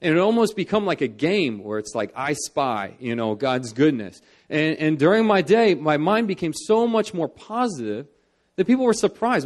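A young man preaching a sermon in church. He talks earnestly, lifting his voice for emphasis and dropping it low for solemn parts. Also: very animated, moderate pace.

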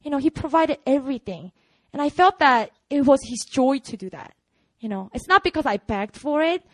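A young woman with a Korean accent shares her testimony with a church, animated and chatty, leaning on "you know" as she goes. Her voice sits high, and the recording is dry and close with no room sound. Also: normal speed, no echo, rough recording. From South Korea. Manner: animated storytelling, frequent "you know" fillers. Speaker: ministry worker giving a testimony.

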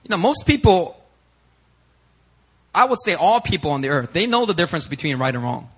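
A man preaching a sermon as pastor, animated and acting out the people he quotes in raised voices. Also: on the high side, a little fast, husky, rough recording.

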